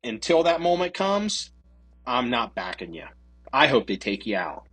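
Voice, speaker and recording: Man, podcast co-host, casual political chat, profane, lively intonation, husky voice. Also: medium pitch, normal speed. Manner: profane, animated, mocking voices of others.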